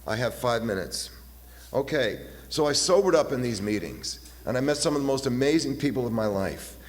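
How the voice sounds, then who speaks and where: A man in his fifties giving a halting, personal talk at a recovery meeting, often repeating his words and acting out voices as he retells. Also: medium pitch, animated. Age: 50s. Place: meeting hall. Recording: long hall reverb, faint hiss.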